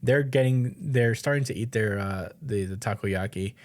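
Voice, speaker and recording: A man's voice: medium pitch, moderate pace. Man, podcast co-host, casual recap, rambling, fillers, mid-range voice. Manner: rambling, full of fillers and swearing.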